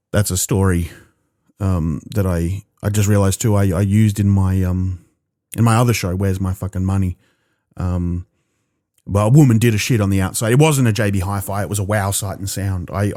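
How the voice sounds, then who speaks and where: A man with an Australian accent doing a profane, animated stand-up set alone in his own room, stammering into restarts. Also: low-pitched, no echo, studio quality. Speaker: stand-up comedian. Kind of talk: stand-up comedy performed alone.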